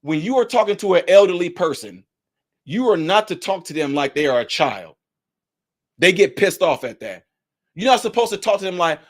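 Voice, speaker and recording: Brief: high-pitched male vlogger, heated ranting commentary, preachy. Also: sing-song, normal speed. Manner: heated, preachy, rising to shouts.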